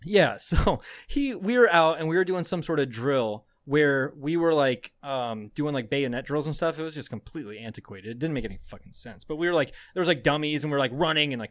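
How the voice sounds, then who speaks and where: A man's voice: mid-range voice, lively intonation, fairly quick, few pauses, no echo. A young adult man, a podcast co-host, telling a rambling story in casual chat, swearing often and laughing as he goes.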